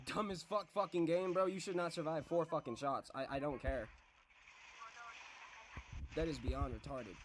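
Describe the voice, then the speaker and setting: A man swearing and raging at a game while he plays it, with loud yelled outbursts. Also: fairly high pitch, steady tone, normal speed, long pauses, slight background noise. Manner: yells and shouts in outbursts. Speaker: gamer streamer. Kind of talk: live gameplay commentary.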